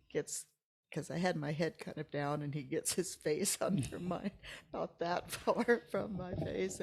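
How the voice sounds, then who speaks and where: An older woman, a church member, telling a personal story in a podcast interview, halting and emotional, often dropping to near-whispers. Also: on the low side, fairly even intonation, creaky, darkish tone, husky.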